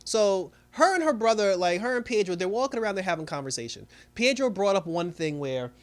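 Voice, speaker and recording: A man's voice: sits high, animated, fairly quick. A man giving a casual recap of a TV episode, rambling along with many fillers. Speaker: TV show reviewer.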